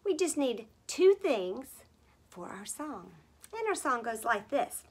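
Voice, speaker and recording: Female children's music teacher, gentle and patient, speaks slowly, slightly high voice, slips into whispers. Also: very animated, breathy edge. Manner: soft and slow, often dropping to a whisper.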